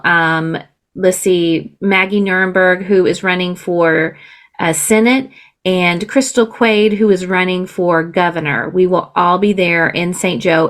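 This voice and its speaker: A woman's voice: fairly low pitch, a bit bright. A woman from the Southern United States, a political candidate speaking as a podcast guest in earnest, emphatic casual conversation. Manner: earnest and emphatic, with laughs and restarts.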